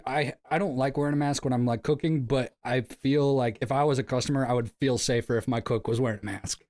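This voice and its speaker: A man's voice: medium pitch, fairly even intonation, fast talker, a little mellow. A man hosting a casual podcast chat, laid-back and rambling with lots of fillers. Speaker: podcast host.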